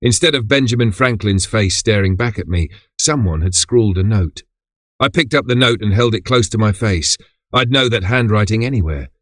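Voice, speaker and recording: A man narrating a horror story in the first person in a steady, measured way. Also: on the low side, dry recording, studio quality. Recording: background music under voice.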